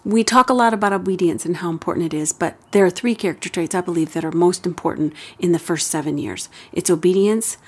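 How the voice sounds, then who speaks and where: Calm woman giving parenting advice. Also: lowish voice, fast talker, hardly any pauses, husky. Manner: calm, steady, explains step by step. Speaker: parenting radio host. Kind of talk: advice talk.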